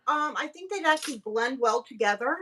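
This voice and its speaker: A woman teaching tie-dye on a livestream, explaining each step in a steady way with small fillers. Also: high voice, fairly quick, a little hiss or hum. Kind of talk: livestream craft demo chat.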